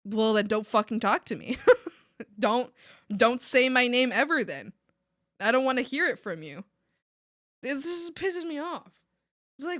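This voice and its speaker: A young woman from Mexico chatting casually on an art stream, animated and ranting, laughing often and swearing casually. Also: on the high side, measured pace, long pauses, no room sound, clean studio sound. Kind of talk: casual live-stream chat.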